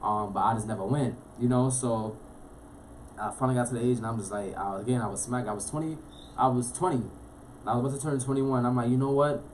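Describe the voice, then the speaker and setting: A young man from Florida talks quickly, his words tumbling out in a run. He tells his own story as an interview guest, loose and streetwise, and keeps checking in with the listener. His pitch sits at an ordinary middle height. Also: slight background noise. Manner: fast, animated, streetwise slang, frequent "you know what I'm saying". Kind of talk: casual personal storytelling.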